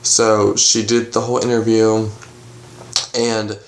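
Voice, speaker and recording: A man's voice: on the low side, takes it slowly. Rambling young man in an echoey room. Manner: rambling, animated retelling with quoted dialogue. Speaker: vlogger. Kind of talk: casual storytelling to camera. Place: bedroom at home.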